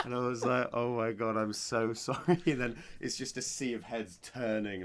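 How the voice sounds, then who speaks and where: Co-hosting a casual podcast, a cinema worker tells a story and animatedly acts out the people in it with voices. He speaks in a lowish voice, fairly quickly with hardly any pauses, over very noisy audio.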